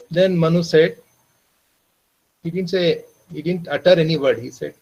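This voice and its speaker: A man with an Indian English accent training teachers, telling a story earnestly and calling listeners "my dear friends", dropping softer for tender moments. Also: fairly high pitch, rough recording. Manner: slows and softens for emotional moments. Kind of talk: storytelling lecture. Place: online training session.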